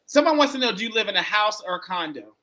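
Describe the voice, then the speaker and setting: A man hosting a live-streamed dating interview, chatty and quick to react, repeating the guest's answers back to him over a video call. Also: high voice, animated, bright, forceful tone. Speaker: dating coach and show host.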